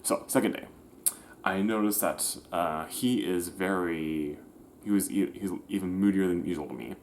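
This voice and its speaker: A man's voice: low voice, moderate pace, a little mellow, slight background noise. A man telling a personal story in a casual, rambling way, often restarting and correcting himself, with slangy everyday talk. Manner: slangy, conversational.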